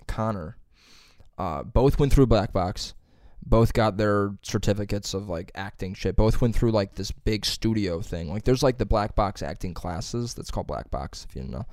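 Young guy on a podcast, swears a lot, acts out quotes loud, dry room sound. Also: lowish voice, normal speed, no room sound. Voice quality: profane, rambling storyteller. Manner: animated, acts out quotes loudly. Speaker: podcast co-host. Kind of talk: casual chat.

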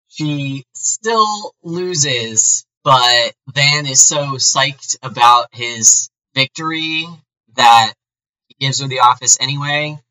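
A man with a very bright, forceful voice walks through a TV episode recap in loose, easygoing podcast chat. His talk rambles and is full of fillers as he co-hosts. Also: mid-range voice, rough recording. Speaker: podcast co-host.

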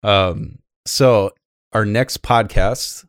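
On a casual gaming podcast, a male co-host rambles along, piling on fillers and restarting sentences. He speaks in a lowish, smooth voice, drawing out his words. It's studio quality with no echo.

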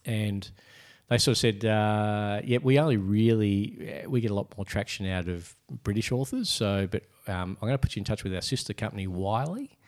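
Lively man telling his story. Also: on the low side, a little fast. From Australia. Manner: animated, acts out quoted voices. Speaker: author. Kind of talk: casual interview storytelling.

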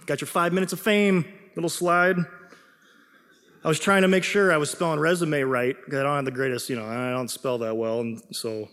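A man's voice: a little high, normal speed. Casual young man preaching in a reverberant hall. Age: young adult. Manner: casual, self-deprecating, repeats words when excited. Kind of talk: sermon.

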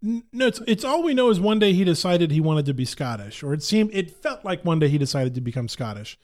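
A slightly high-voiced man trades easy banter as a podcast co-host. He talks in a wry, hesitant way, pausing and stretching his words as he thinks. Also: very animated, a little mellow. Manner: wry, hesitant, drawn-out pauses. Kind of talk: casual chat.

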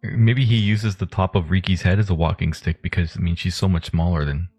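A man's voice: low-pitched, fairly even intonation, a little fast, a little mellow, breathy edge, dry recording, soft background music. A man playing a tabletop game, making wry quips. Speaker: player. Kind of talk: casual tabletop play.

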